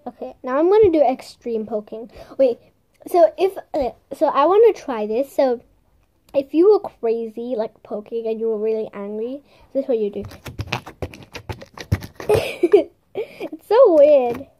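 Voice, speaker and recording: A young woman with a high, bright-sounding voice chats through a casual show-and-tell of toys. She is bubbly and playful, slips into soft whispers for ASMR moments, and makes silly sound effects. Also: expressive, a little slow. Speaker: vlogger showing squishies and slime.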